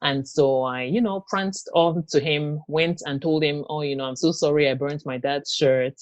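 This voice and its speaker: Low-voiced woman recounting, halting and hesitant. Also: fairly even intonation, no room sound. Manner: halting, hesitant, many fillers and restarts. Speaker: interview guest. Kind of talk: personal testimony in an interview.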